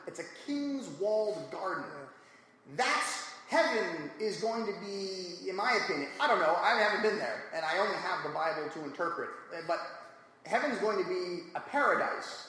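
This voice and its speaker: Animated man on an echoey live panel. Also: high voice. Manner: animated, jokey, slangy retelling with mock quotes. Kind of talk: casual panel discussion. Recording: echoey live hall with faint noise.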